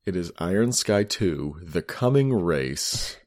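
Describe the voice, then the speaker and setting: A man's voice: deep voice, lively intonation, takes it slowly, a little mellow, no room sound, clean studio sound. A man co-hosting a podcast, rambling and laughing as he sums up a movie plot. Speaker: podcast co-host. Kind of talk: casual movie-review chat.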